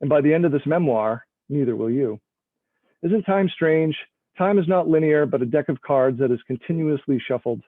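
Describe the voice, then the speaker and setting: A man's voice: fairly high pitch, lively intonation, normal speed, no room sound. Man reading aloud over a tinny call line. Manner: self-deprecating, laughs between remarks. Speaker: author reading his work. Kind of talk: live reading of a novel over a video call. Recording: tinny phone-like line, dry.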